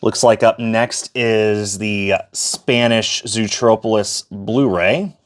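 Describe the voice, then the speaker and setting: A man's voice: fairly low pitch, steady tone, slow pace. A man giving a casual, chatty tour of his disc collection, with fillers and self-corrections as he goes. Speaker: collector showing his shelf.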